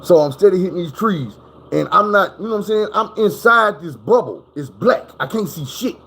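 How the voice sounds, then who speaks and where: A man's voice: sits high, expressive, moderate pace, vocal fry, sharp tone, husky. A man telling a personal story at home, casually and profanely, acting out crashes and sounds as he goes. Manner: profane, vivid, acts out sounds. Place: at home indoors.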